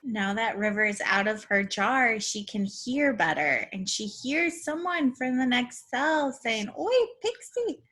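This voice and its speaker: A woman's voice: on the high side, expressive, a little slow, few pauses, bright, forceful tone. A woman player describing her character's actions in third person in a tabletop game. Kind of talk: tabletop role-play narration.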